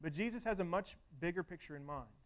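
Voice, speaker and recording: A man's voice: on the high side, lively intonation, fast talker. A man preaching a sermon in an earnest, conversational way, often restarting his phrases and using filler words.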